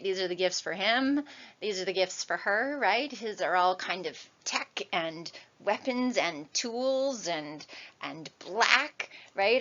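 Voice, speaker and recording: A woman's voice: medium pitch, fairly bright tone. Chatty woman lecturer, muffled sound. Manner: conversational, tags sentences with "right?". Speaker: university lecturer. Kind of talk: recorded classroom lecture.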